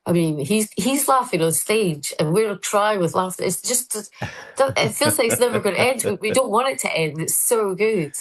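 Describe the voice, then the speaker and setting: A woman presenter and comedian chatting as a guest, telling lively anecdotes and mimicking the people she quotes. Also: medium pitch, moderate pace, low-quality recording. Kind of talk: casual anecdotal chat.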